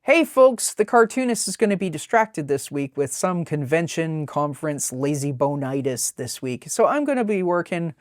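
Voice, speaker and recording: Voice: medium pitch, big pitch swings, normal speed, few pauses, dry recording, clean studio sound, natural voice. Someone doing a goofy, cheeky cartoon dad. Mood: playful. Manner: loud, playful, announcing. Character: cheeky, goofy middle-aged cartoon family man.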